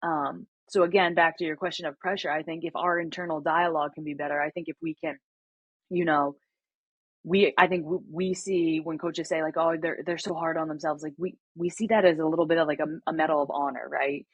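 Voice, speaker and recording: Young woman guest, husky and dry, candid and earnest, dull lo-fi sound. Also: low voice, steady tone, fairly quick, no room sound. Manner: earnest, reenacts conversations with many fillers. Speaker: podcast guest, former college basketball player. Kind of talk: candid interview talk.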